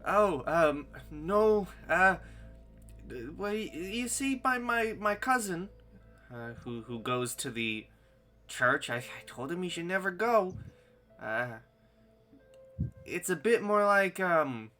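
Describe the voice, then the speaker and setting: A man's voice: sits high, sing-song, slow, pauses often, bright, forceful tone, faint music behind, pitched above the performer's own voice, heavily acted. A man voicing a nervous, rambling male halfling villager who stammers and gossips. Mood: flustered. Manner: stammering, jumpy.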